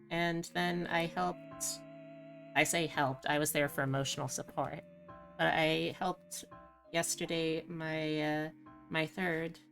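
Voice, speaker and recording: A woman hosting a live stream, chatting casually with her audience in a low-key, rambling, self-deprecating way. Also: creaky, fairly bright tone. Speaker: streamer host.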